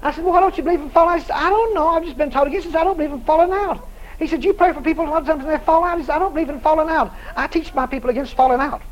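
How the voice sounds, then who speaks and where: A man preaching, telling a story with lively dialogue and loud shouted prayers. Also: very high voice, very fast, dull audio. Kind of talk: sermon storytelling.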